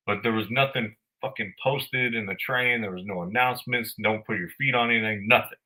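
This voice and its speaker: A man, hosting a podcast and telling a story in a blunt, animated, profane way. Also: fairly low pitch, a little fast, few pauses, poor audio. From United States. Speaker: podcast host. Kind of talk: casual storytelling.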